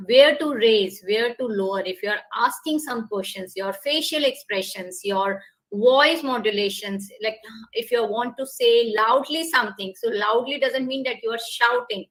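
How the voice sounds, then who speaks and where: A woman's voice: a little high, a bit bright, poor audio. A woman with an Indian English accent giving a public speaking webinar over a video call, explaining things step by step and leading breathing exercises. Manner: instructive, repetitive, leads breathing exercises. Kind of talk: online workshop talk.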